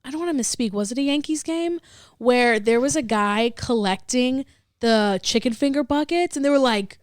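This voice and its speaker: Giggly high-voiced woman on a podcast. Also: clean tone, no echo, studio quality. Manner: giggly, quick to laugh. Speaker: podcast guest. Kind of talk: casual chat.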